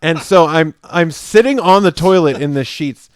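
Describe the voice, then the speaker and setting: A podcast co-host with a slightly high, smooth voice tells a story in casual chat at normal speed, acting out the quoted lines and laughing often. The sound is clean studio audio with no echo.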